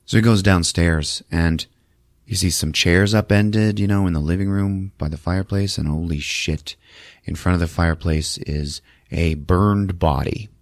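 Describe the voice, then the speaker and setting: A man hosting a podcast, recapping a film in a casual, profane, animated storytelling manner. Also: low-pitched, normal speed, no room sound, studio quality. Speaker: podcast host.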